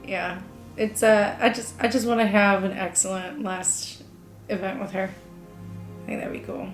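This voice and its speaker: A woman's voice: medium pitch, fairly even intonation, normal speed. Young woman, enthusiastic, roomy echo. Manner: enthusiastic, fond and reflective. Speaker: LARP player. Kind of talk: casual interview talk. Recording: roomy echo with faint music.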